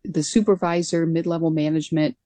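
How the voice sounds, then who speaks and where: A woman's voice: deep voice, fairly even intonation, fairly quick, warm tone, dry recording. A woman guest being interviewed about her years as a pilot, speaking earnestly and conversationally with frequent restarts. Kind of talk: conversational storytelling.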